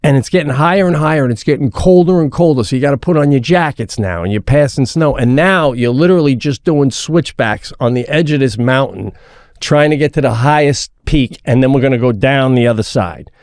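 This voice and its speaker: A middle-aged man co-hosting a podcast, telling a family story in a casual, animated way and swearing freely. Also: medium pitch, brisk, dry recording, studio quality. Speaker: podcast co-host.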